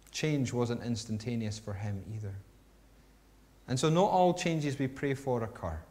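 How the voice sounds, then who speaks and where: A male preacher giving a sermon, reading a story aloud with expressive delivery that swings between hushed and emphatic. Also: mid-range voice.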